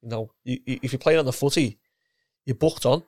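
Here a former footballer and coach in middle age talks in a loose, rambling way, repeating himself and frequently starting over. He speaks fairly quickly in a mid-range, slightly mellow voice, captured cleanly in a studio without echo.

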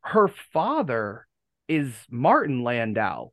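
A man's voice: mid-range voice, wildly swooping pitch, slow pace, fairly bright tone, dry recording. A man from the United States hosting a casual fan podcast, rambling and correcting himself with lots of fillers. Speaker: podcast host.

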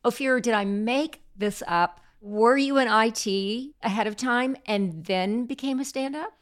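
A woman hosting an interview podcast, encouraging and quick to laugh. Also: a little high. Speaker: podcast host.

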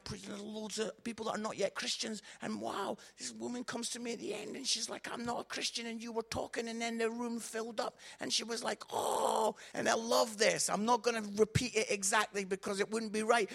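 Gravelly man preaching with fervor. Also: high voice, a little fast, hardly any pauses. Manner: swings from hushed reflection to shouting excitement. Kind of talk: sermon with comic storytelling.

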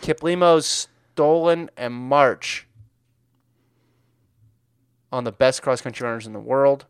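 A man's voice: mid-range voice, slow, clear, resonant tone, dry recording. Dry-humored man reading listener emails. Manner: dry, joking asides while reading. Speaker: podcast co-host. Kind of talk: casual podcast chat, reading listener emails.

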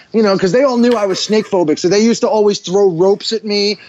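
A man in his forties, a podcast guest, telling a story in a casual, animated way, full of "dude" and "like". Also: high-pitched, racing, hardly any pauses, highs cut off. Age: 40s. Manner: animated, heavy use of "dude" and "like".

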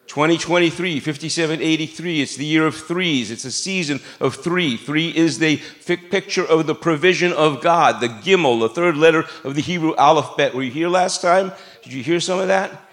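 A man's voice: on the high side, normal speed, hardly any pauses, fairly bright tone. Man preaching a casual, jokey sermon. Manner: conversational, jokey preaching with asides to the congregation. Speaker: pastor. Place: church sanctuary.

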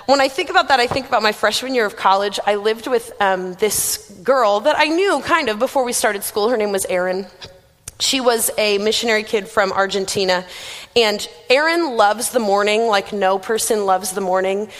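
A woman's voice: mid-range voice, moderate pace, a bit bright. A young woman giving a casual, conversational sermon as a youth minister, chatty and self-deprecating, with lots of "like". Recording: long reverb of a large room.

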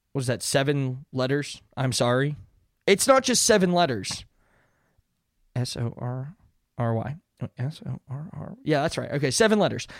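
Recorded dry with studio quality, a fairly high-pitched man in his thirties runs a casual solo podcast. His earnest talk wanders, packed with fillers and false starts.

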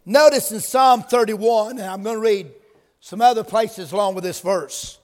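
A man preaches in a church, his voice pitched very high. He moves from hushed prayer into loud, emphatic preaching. The sound carries a long reverb from the sanctuary. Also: moderate pace. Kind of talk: sermon.

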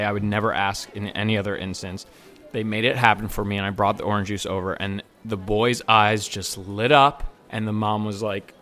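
A man's voice: lowish voice, fairly bright tone. A man who works as a bartender and server tells an enthusiastic personal anecdote. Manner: earnest, enthusiastic storyteller.

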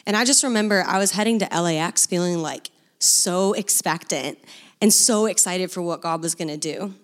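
Animated woman telling a testimony. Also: on the low side, moderate pace. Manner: animated, laughing, acts out dialogue. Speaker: missionary speaker. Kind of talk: testimony storytelling.

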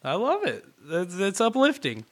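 A man's voice: high voice, huge pitch swings, normal speed. A man co-hosting a podcast in casual chat, joking and cursing, now and then putting on goofy voices. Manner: joking, profane, slips into goofy impressions. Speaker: podcast co-host.

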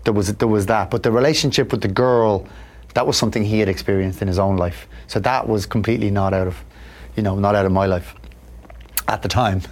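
A man's voice: fairly low pitch, fairly quick. A man, a guest in an interview, telling personal stories in a reflective way and acting out the people he quotes. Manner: reflective, acts out quoted people in lively voices. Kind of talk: candid conversational storytelling.

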